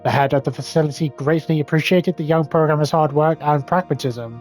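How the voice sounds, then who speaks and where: A man's voice: fairly high pitch, darkish tone. A young man reading in-game text aloud, stumbling over long words and adding sarcastic, sweary asides. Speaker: gaming YouTuber.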